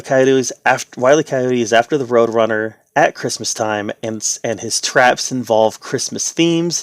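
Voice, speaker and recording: A man giving a casual spoken review, relaxed and conversational, with the odd sarcastic aside. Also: mid-range voice, gravelly, dry recording.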